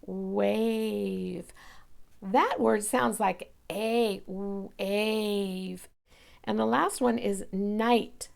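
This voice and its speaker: A woman's voice: mid-range voice, creaky. A woman teacher giving a recorded lesson to young children, patient and careful, stretching out sounds and repeating words.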